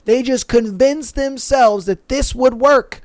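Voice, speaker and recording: Laid-back slangy guy hosting a podcast, highish voice, dry close sound. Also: slow pace, dry recording. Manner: slangy, laid-back, calls listeners bro and man. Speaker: podcast host. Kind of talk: casual chat reading online threads.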